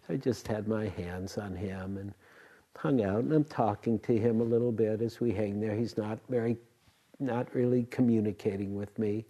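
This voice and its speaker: An older meditation teacher gives a dharma talk in a low, warm voice. He tells his stories in a loose, rambling way, often restarting his sentences and breaking into soft laughs. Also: fairly even intonation, normal speed.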